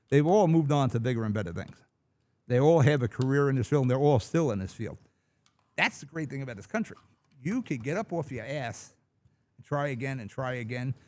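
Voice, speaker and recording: A middle-aged man holds forth on his own talk radio show, recorded in a large studio. He is blunt and opinionated, drifting from one point to the next in a loose, rambling monologue. His voice sits at an ordinary middle pitch. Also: a little mellow.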